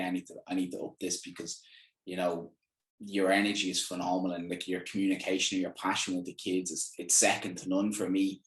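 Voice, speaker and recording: An Irish man hosting a podcast in casual chat, chatty and quick to act out what others say. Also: sits low. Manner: chatty, acts out quoted lines with bursts of energy. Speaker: podcast host. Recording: roomy echo.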